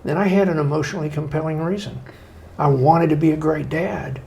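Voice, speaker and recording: A man's voice: a little high, brisk, vocal fry, slight background noise. A middle-aged man, a guest author telling folksy stories in a conversational interview, acting out the voices of people he quotes. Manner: folksy, animated storytelling with acted-out quotes.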